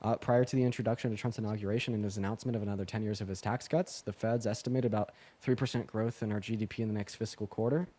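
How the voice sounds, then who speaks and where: A young man hosting a livestream debate, talking fast and casually with many fillers. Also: fairly low pitch, steady tone, warm tone.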